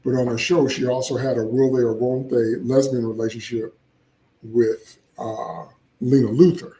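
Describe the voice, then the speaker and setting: A man's voice: mid-range voice, little pitch movement, normal speed, warm tone, echoey room, poor audio. A man hosting casual solo commentary, opinionated and chatty with frequent asides. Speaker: comics channel host.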